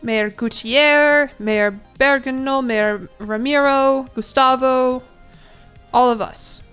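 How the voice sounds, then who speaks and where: A woman streamer chatting casually with her chat while playing a game, with giggly asides and thinking out loud. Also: high voice, slow, smooth, faint music behind.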